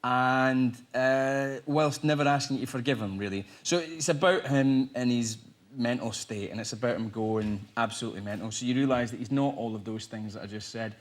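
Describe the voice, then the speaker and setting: A Scottish man in his thirties, a guest actor on a chat show, talking in a relaxed, jokey way. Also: mid-range voice, normal speed. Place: TV studio with live audience.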